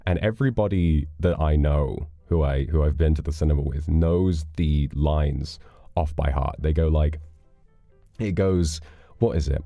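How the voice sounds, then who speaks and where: A British man with a bass voice hosts a livestream, unhurried and relaxed, chatting playfully with viewers and reading out donations with thanks. His manner is chatty with dramatic flourishes. The recording is dry and muffled, with faint music in the background.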